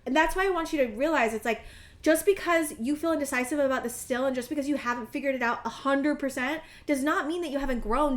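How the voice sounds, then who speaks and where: Rambling, emphatic woman in her thirties. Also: sits high. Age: 30s. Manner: rambling, emphatic, talks straight to the viewer; swears freely. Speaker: tarot reader. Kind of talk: pick-a-card tarot reading.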